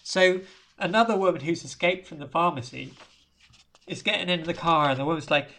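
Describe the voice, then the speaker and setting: A woman's voice: lowish voice, brisk, fairly bright tone. A woman co-hosting a casual podcast, recapping a film in a rambling way with dry asides. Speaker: podcast co-host.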